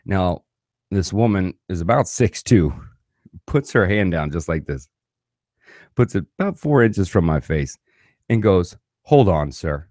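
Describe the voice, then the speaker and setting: Guy ranting through a travel story, low voice that swings all over, cussing a lot, dry close sound. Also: a little slow, pauses often, dry recording. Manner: animated, swearing freely. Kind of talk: casual profane storytelling.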